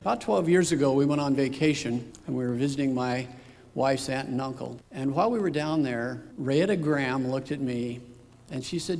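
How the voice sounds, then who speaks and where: A middle-aged father recounts his personal story in a gravelly, worn voice. He speaks in a reflective, unhurried way. A long, hall-like reverb trails behind his words. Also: mid-range voice, darkish tone, a little hiss or hum. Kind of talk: personal testimony.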